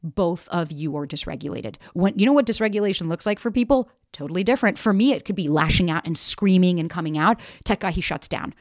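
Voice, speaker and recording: A woman's voice: fairly low pitch, lively intonation, fast, hardly any pauses, no echo, clean studio sound. A woman hosting a podcast, talking frankly and emphatically and swearing freely. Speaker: podcast host and dating coach. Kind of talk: candid podcast monologue.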